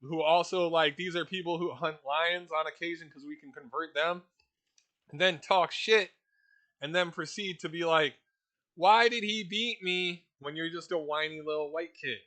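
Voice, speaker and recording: A man's voice: fairly high pitch, moderate pace, pushed and bright. A man voicing a stern male commander who scornfully scolds recruits. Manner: scornful, emphatic.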